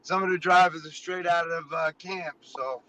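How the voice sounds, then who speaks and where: A man talking loudly and emphatically in a casual chat, calling in. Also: on the high side, fairly even intonation, moderate pace, low-quality recording. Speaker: caller.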